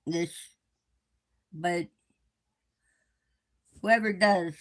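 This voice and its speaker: A woman hosting a live stream, speaking to her viewers in a gentle, reassuring way. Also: fairly low pitch, extremely slow. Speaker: livestream host.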